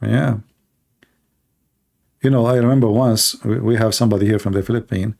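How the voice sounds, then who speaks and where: A middle-aged man with a gravelly, dark voice hosts a live-streamed religious debate. His English is broken, and his delivery is blunt and combative. He mocks his opponents and fires off rhetorical questions. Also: on the low side, steady tone, normal speed. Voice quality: non-native English with broken grammar. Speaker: debate show host.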